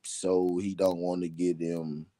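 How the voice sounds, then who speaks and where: Deep dark-voiced man ranting about boxing. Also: little pitch movement, slow, dry recording. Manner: repetitive, emphatic, laughing between points. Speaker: boxing talk show host. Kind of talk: casual live commentary.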